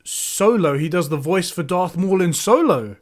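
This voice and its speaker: A man with a fairly high voice co-hosting a casual gaming podcast. He tells stories animatedly and swears and laughs often as he chats on his podcast mic. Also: lively intonation, unhurried. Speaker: podcast co-host.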